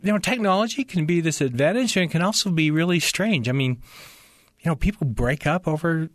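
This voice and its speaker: A man's voice: fairly high pitch, a little fast, dry recording, clean studio sound. A man who writes books, talking in an interview and telling a story, stumbling over restarts and acting out the voices of the people in it. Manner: stammering restarts, acts out quoted voices. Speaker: author guest.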